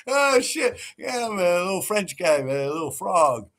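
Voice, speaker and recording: A man's voice: high-pitched, a little slow, pushed and bright, shouting. A man who tells stories in a rambling, profane way on a livestream he hosts, laughing often. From New York City. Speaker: livestream host. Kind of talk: casual storytelling.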